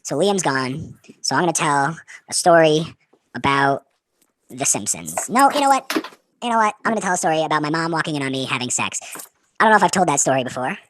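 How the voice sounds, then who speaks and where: A man in his twenties telling crude, absurd stories in a deadpan way on a comedy podcast. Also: a little high, fast, slight background noise.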